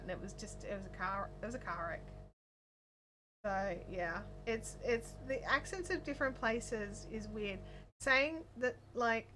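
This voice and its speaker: Against some background noise, an Australian woman with a medium-pitched voice hosts a casual crochet livestream. She rambles through viewer comments, using lots of fillers.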